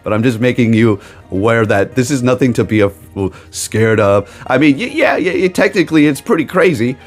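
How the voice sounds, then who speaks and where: Over faint music, the man's mid-range voice sounds animated and a little fast. His gaming-channel rant is casual and emphatic, wandering between sarcastic asides, with "okay?" tacked on again and again.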